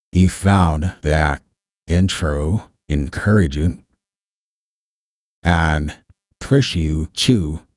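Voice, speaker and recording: A man hosting a live tutorial stream through a deepening voice filter, talking in an emphatic, motivational way. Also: a little mellow, no room sound, studio quality. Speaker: host. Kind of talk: casual livestream tutorial intro.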